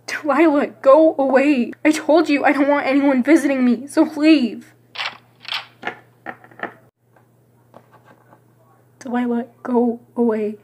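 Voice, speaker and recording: Woman playing a crying young woman, husky and high, defensive, home-made drama. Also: fairly even intonation, moderate pace, a little mellow. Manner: pushes others away, pleading.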